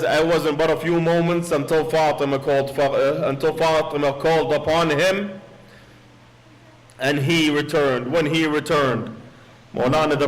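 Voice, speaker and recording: A man gives a sermon in a mosque in a slightly high voice. He tells the story solemnly and switches often to quoted Arabic lines. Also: rough recording. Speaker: sheikh.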